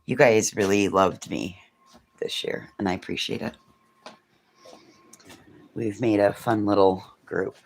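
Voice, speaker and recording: A woman's voice: very deep voice, measured pace, pauses often, a little mellow, a little hiss or hum. A woman hosting a casual livestream, chatting and swearing freely and thanking her viewers by name. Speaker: livestream host. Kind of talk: casual chat.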